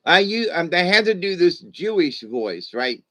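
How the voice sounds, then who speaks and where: A man's voice: sits high, sing-song, a bit bright. Older man rambling through stories. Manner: halting, restarts often, chuckles. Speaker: channel host. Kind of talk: casual rambling storytelling.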